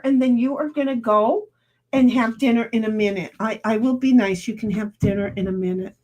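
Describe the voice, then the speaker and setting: Chatty high-voiced woman streamer. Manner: chatty, rambling, laughs often, talks back to her dog. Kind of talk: casual live-stream chat.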